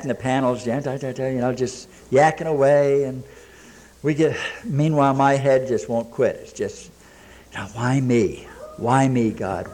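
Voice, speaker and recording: A man's voice: mid-range voice, a little mellow, slight background noise. A man telling his own recovery story to a meeting audience, in plain talk full of quoted dialogue and dry jokes. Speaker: speaker sharing at a recovery meeting. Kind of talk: personal recovery story told to a live audience. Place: meeting room with a live audience.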